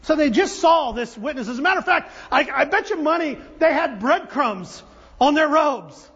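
A man pastor preaching a sermon in a church, an animated, joking storyteller who restarts his sentences. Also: extremely high pitch, moderate pace. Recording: dull audio with long hall reverb.

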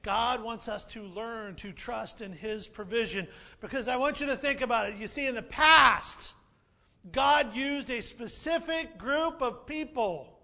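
A male pastor giving a lively sermon in a high, gravelly voice. He talks playfully and leans on repetition to drive points home. The tone is bright and forward. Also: unhurried. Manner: animated, playful, repeats key phrases.

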